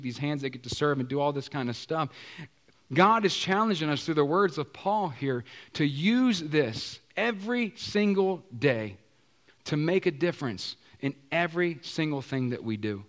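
Man preaching a casual, chatty sermon. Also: a little high. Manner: conversational, asks the congregation questions, casual slang. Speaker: pastor.

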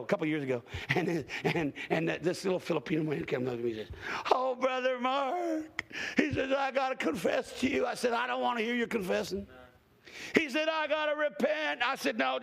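A male evangelist preaching to a congregation in a very high, gravelly voice. He tells folksy, joking stories and breaks into sudden shouts. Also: animated, quick pace. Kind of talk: sermon. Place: church service with congregation.

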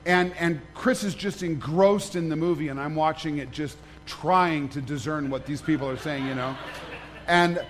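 A pastor with a high voice for a man preaches an easygoing sermon. He jokes and keeps checking in with the congregation as he goes. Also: moderate pace, faint music behind. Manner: conversational, joking, questions the congregation.

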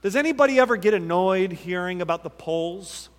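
A man preaching a sermon, emphatic and fond of repeated rhetorical questions with dramatic pauses. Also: high-pitched, animated. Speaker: pastor. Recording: long reverb from a large hall.

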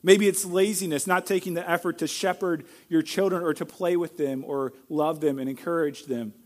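A middle-aged man preaching a sermon as pastor, earnest and direct, now and then acting out quoted lines in a loud burst. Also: a little high, steady tone, moderate pace.

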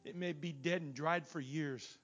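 A man preaching a revival sermon as a guest preacher in a church. He swings from loud shouting peaks down to quiet asides. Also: fairly high pitch, steady tone, normal speed. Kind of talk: Pentecostal sermon. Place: church sanctuary.

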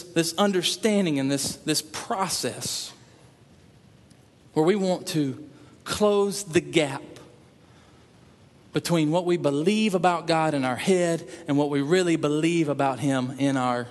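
Preaching a sermon at a slow pace, a man with a rather high voice speaks earnestly, repeating phrases for emphasis and acting out prayers aloud as if quoting them. Long reverb from a hall surrounds his words.

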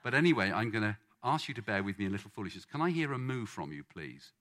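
A man's voice: on the low side, fast. A man preaching a sermon, playfully coaxing the congregation to join in. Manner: lively, playful, coaxing the crowd.

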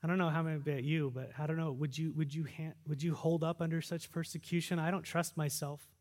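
A pastor preaching a sermon, swinging between loud fervent exhortation and quiet reflective asides. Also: male voice, fairly high pitch, little pitch movement, fast talker. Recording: long reverb of a large hall.

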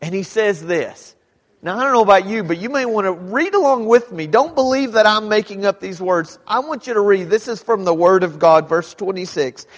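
A man preaching a sermon as pastor, dramatic, rising to shouts when he quotes people. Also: high-pitched, expressive, normal speed. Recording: long hall reverb.

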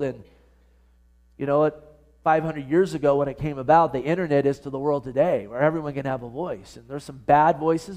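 High-voiced man preaching a sermon. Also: a little mellow. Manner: earnest, asks the congregation direct questions. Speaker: pastor. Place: church service.

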